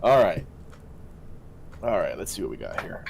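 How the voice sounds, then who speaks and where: A man's voice: low voice, big pitch swings, moderate pace, gravelly, noisy background. A man playing a tabletop game, thinking aloud in a hesitant, casual way. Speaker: player.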